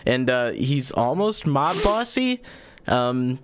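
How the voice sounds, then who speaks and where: A man's voice: mid-range voice, takes it slowly, no echo. Dry-miked man in casual podcast chat. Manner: rambling, animated storytelling with frequent laughs. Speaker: podcast host.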